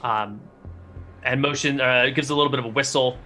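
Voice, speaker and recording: A man's voice: mid-range voice, fairly quick, a little hiss or hum. A man running a tabletop game, describing the scene and the characters' actions. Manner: descriptive, steady narration of scenes. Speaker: game master.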